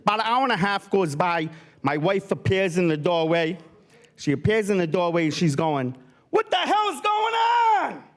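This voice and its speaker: A man from Rhode Island doing a stand-up routine on a theatre stage, landing punchlines deadpan. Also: normal speed. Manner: deadpan punchlines, voice swinging high and low. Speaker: stand-up comedian.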